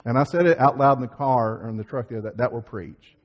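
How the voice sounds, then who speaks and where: Animated preacher, husky voice, long reverb. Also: male voice, mid-range voice, racing, highs cut off. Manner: animated storytelling, acts out quoted voices, many restarts. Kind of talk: sermon. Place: church sanctuary. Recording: church sermon audio with long reverb.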